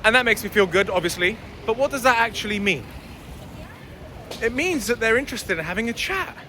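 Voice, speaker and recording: Brief: blunt young male vlogger, lively swooping delivery, slightly high voice, faint street traffic behind. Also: a little fast. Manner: blunt, opinionated, swears. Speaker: dating and life coach. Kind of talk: casual vlog monologue.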